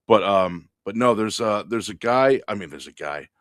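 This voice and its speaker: A man with a lowish voice co-hosts a comedy podcast and tells a rambling story about a coworker. He talks casually, swears a lot and laughs as he goes. The recording sounds dry and close. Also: moderate pace, no echo. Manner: profane, animated, laughs while telling stories. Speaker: podcast co-host.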